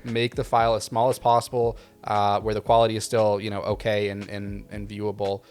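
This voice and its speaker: A man hosts a casual Q&A session about his craft, with a slightly low voice. He talks in a loose, conversational way, sprinkling in ums and uhs. The delivery stays easygoing throughout. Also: fairly quick, clear, resonant tone. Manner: relaxed, conversational, frequent fillers. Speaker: video production channel host. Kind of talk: casual Q&A advice talk.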